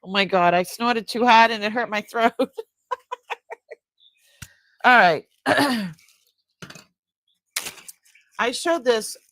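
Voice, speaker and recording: Slow-talking chatty woman, dry close mic. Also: on the high side, a bit bright, no echo. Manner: chatty, laughs often, trails off mid-sentence. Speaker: host of a live jewelry sale. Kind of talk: casual live-stream chat.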